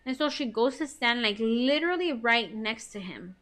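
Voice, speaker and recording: A young adult woman co-hosting a podcast, telling a story in a candid, irritated, animated way, swearing freely and saying "like" a lot. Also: a little high, moderate pace. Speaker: podcast co-host. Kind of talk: casual storytelling chat.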